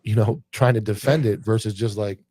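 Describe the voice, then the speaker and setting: A fast-talking man with a lowish voice, rattling off profane stories as a podcast co-host and acting out the people in them. The sound is dry and close to the mic. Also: fairly even intonation, dark tone, husky, no echo. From northern US. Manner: profane storytelling, acts out quoted people. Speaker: podcast co-host, former cop. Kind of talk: casual podcast chat.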